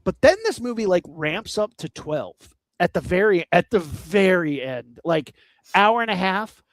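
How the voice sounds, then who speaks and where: Podcast co-host, male, higher-pitched, rambling and jokey, dry close mic. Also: no echo. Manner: rambling, animated, quick to joke. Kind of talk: casual movie chat.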